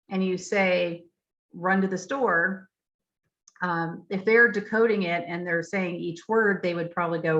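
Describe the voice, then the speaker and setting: A woman trainer teaches a session over a video call, walking through her points patiently and sounding out example phrases. Her voice sits a little low, with plenty of ums along the way. The computer audio is dull and lo-fi. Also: a bit bright. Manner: explanatory, frequent ums, demonstrates pronunciations aloud. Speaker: literacy trainer.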